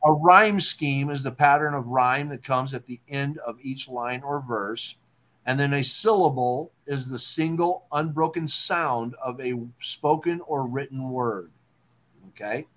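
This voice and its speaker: A male talk-show host with a mid-range voice. He explains poetry terms in a relaxed, patient way and keeps pausing to check in with "okay?". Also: medium pitch. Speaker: podcast host.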